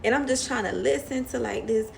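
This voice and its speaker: A young woman telling a story to her viewers in a casual, animated way, acting out the other voices as she goes. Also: on the high side, fairly quick, vocal fry, music in the background. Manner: chatty, animated retelling, mimics voices in quotes. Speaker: vlogger.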